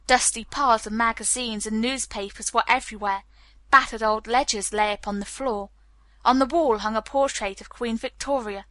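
A woman narrating an audiobook in a steady, clear storytelling manner. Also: on the high side, no room sound. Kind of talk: scripted narration.

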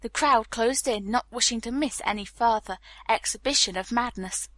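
A woman narrating a novel as an audiobook reader, telling the story in a calm, even manner. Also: a little high, moderate pace, no echo. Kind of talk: scripted narration.

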